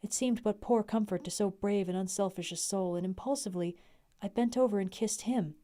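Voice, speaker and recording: A young adult woman reading a classic novel aloud on a livestream, with an expressive delivery. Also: mid-range voice, brisk. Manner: expressive reading, laughs in chat breaks.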